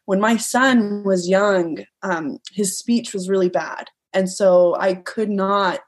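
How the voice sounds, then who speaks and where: A woman's voice: medium pitch, steady tone, takes it slowly. Heartfelt, hesitant young woman. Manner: heartfelt, emotional, hesitant with many ums. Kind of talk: casual conversation.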